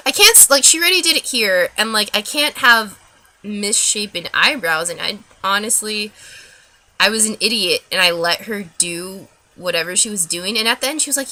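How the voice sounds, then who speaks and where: A young woman ranting in a vlog, telling a story with lots of cursing and "like" fillers, shifting from low mumbles to loud outbursts. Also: normal speed. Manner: animated, profane, lots of "like" fillers. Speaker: vlogger.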